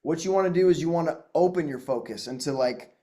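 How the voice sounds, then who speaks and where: A man coaching on a group call, calmly explaining how hypnosis and trance work. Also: fairly high pitch, fast.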